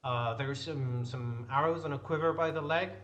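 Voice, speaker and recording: A man's voice: mid-range voice, normal speed, fairly bright tone, lo-fi sound, a little hiss or hum. A man narrating a tabletop game as game master, describing scenes with frequent restarts.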